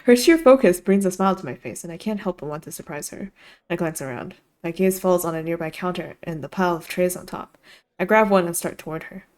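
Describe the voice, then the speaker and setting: A woman's voice: fairly low pitch, brisk, a little mellow. A young woman streamer reading a visual novel aloud, with giggly, rambling asides full of "like".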